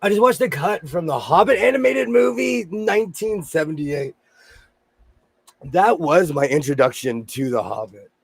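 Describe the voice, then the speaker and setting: A man's voice: fairly high pitch, animated, normal speed, slightly rough, no echo. A man hosting a casual livestream from his home sewing room, chatting and cheerfully greeting viewers by name.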